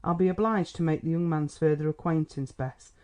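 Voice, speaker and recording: A man's voice: a little high, fairly quick, darkish tone, close to an everyday voice. A man reading an audiobook, voicing a stern, brusque middle-aged country doctor questioning a suitor. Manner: testy and brusque.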